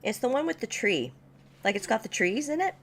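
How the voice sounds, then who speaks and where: A woman's voice: a little high, sing-song, fairly quick. A woman co-hosting a livestream, chatting casually and rambling with many restarts. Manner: rambling, restarting thoughts, filler-heavy. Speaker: channel co-host on a livestream. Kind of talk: casual chat.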